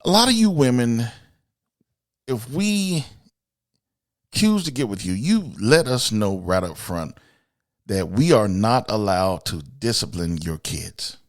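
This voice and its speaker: A man hosting a podcast, delivering a blunt, profane, opinionated monologue aimed at women, swinging between loud outbursts and low asides. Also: animated, slow, pauses often. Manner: blunt, profane and emphatic, addressing women directly. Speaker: podcast host.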